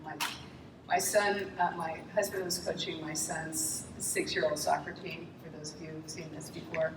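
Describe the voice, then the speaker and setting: A middle-aged woman answering questions on a conference stage, telling lively anecdotes and laughing often. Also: sits low, moderate pace. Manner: animated, acts out voices in anecdotes, laughs often. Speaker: interview guest, former talent executive. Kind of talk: conference Q&A storytelling. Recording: echoey hall, distant mic, noisy.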